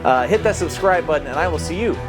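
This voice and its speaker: A man's voice: fairly high pitch, expressive, fast talker, over music. A man giving a casual voice-acting tutorial into a close mic, explaining technique with loose, demonstrative talk and many fillers. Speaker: voice-acting coach. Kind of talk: tutorial vlog. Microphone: close mic he sometimes touches.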